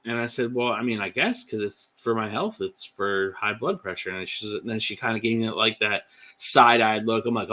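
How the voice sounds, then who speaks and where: Male podcast guest, low pitch, sharp bright tone, candid testimony. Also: normal speed. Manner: candid storytelling with many fillers. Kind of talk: personal testimony.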